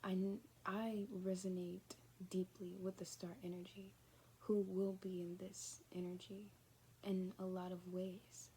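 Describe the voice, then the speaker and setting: Mellow-voiced woman giving a spiritual reading. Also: mid-range voice, flat delivery, unhurried, slight background noise. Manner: rambling and conversational, often dropping to a near-whisper. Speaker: spiritual card reader. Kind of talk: casual spoken reading to viewers.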